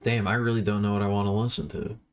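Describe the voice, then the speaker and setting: A man's voice: fairly low pitch, level tone, quick pace, slight background noise. Rambling, self-deprecating male streamer. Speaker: livestreamer. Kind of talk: casual stream chatter.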